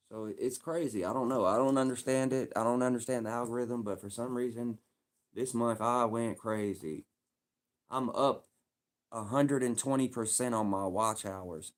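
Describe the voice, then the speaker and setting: Rambling streetwise Kentucky man livestreaming. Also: mid-range voice. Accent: Louisville, Kentucky. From Louisville, Kentucky. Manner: rambling, repetitive, streetwise slang. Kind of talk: casual livestream chat.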